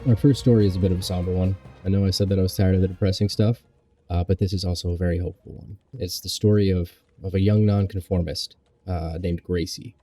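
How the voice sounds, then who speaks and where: A man's voice: low voice, fairly even intonation, fast talker, dark tone, faint music behind. A man hosting a comedic mock news show, rambling in a mock-serious newscaster manner with swearing asides. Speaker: host.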